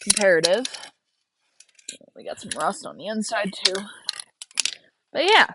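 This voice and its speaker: A woman's voice: medium pitch, big pitch swings, measured pace, background noise. A young woman chatting casually and rambling while working outside a barn, laughing often. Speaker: homesteader and livestream host. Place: outdoors by a barn.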